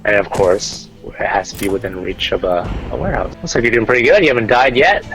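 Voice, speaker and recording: A man's voice: lowish voice, big pitch swings, fast, fairly bright tone, rough recording. A man in casual gaming chat, walking a friend through a game in an instructive, teasing way. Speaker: gamer guiding a friend.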